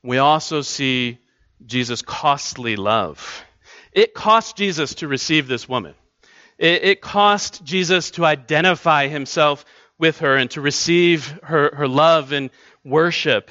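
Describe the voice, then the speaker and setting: A man's voice: fairly high pitch, measured pace, bright, forceful tone, no echo, highs cut off. A male pastor preaching a sermon in an earnest, conversational way, often restarting his phrases. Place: church.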